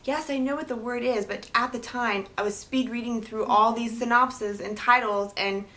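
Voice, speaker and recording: A young woman from New Jersey, a book vlogger chatting casually to camera, talking fast and tripping over her words. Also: fairly high pitch, steady tone, pushed and bright. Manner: fast, tumbling speech, trips over words.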